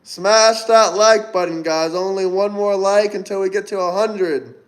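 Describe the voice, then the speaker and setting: A man hosting a casual livestream, reading viewer comments aloud and giving upbeat, chatty shout-outs. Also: high voice, steady tone, measured pace. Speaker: livestream host. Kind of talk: casual live-stream chat reading comments.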